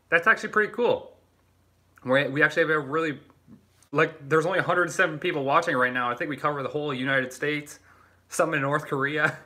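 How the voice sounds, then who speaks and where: Casting note: young Canadian-raised guy hosting his own livestream, chatty and profane, slightly high voice. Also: sharp tone. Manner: loose and joking, swears freely, laughs often. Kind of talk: casual livestream chat reading viewer comments.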